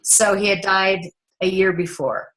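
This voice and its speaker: Woman, middle-aged, interview storytelling, animated, acts out dialogue, mid pitch. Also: unhurried, low-quality recording. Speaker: filmmaker.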